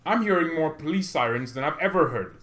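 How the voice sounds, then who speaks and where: A man's voice: on the high side, lively intonation, brisk, a bit bright, soft background music. Exasperated man ranting to his chat. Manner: exasperated, ranting, laughs often. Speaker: fan channel host. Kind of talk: live-stream rant reading chat.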